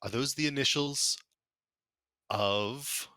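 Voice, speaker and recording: A man voicing a brisk noble man who takes charge and calls his companions lads. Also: medium pitch, bright, forceful tone, no room sound, pitched above the performer's own voice. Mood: commanding. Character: commanding noble man leading the group.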